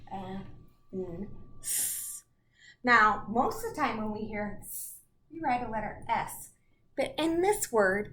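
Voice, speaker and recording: A woman teaching a children's phonics lesson, slowly breaking words into single sounds and matching them to letters. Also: on the high side, fairly bright tone. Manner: slow, segments words into sounds. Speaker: storytime teacher. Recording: echoey room, faint noise.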